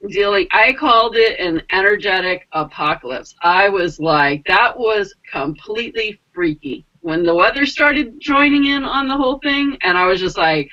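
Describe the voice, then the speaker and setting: Woman rambling thru a story, lots of like and you know, bright voice, kinda muffled lo-fi sound. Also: normal speed, few pauses. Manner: animated, acts out quotes with big pitch jumps. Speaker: spiritual mentor and energy healer. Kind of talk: casual personal storytelling.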